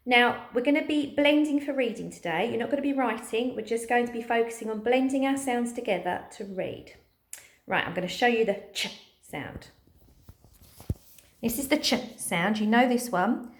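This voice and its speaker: A woman teacher leading a phonics lesson for young children, speaking slowly and encouragingly and sounding out letters one by one. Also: on the high side.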